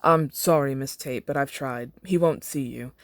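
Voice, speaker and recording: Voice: medium pitch, moderate pace, dry recording, natural voice. Posh older butler, stern and formal, as a fan reader puts him on; clipped English accent, dry recording. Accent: posh English put on.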